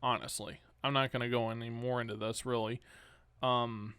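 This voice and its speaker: A man hosting a solo news commentary podcast, reading news items aloud and cutting in with sarcastic, exasperated remarks that jump up in pitch. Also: little pitch movement, moderate pace, pushed and bright, clear, resonant tone, no room sound. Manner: reads news items, then rants sarcastically; exasperated outbursts with rising pitch. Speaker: podcast host.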